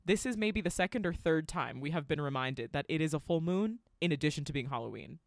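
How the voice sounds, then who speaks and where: A woman's voice: low-pitched, animated, a little fast, no echo, clean studio sound. Sarcastic, swearing woman podcast host. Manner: profane, sarcastic storytelling. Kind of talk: casual movie recap.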